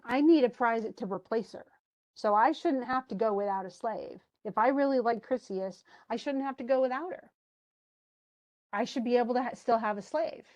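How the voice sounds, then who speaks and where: A woman's voice: on the high side, a little mellow, highs cut off, close to an everyday voice. A woman voicing a greedy, petulant male king in a casual, exasperated retelling voice.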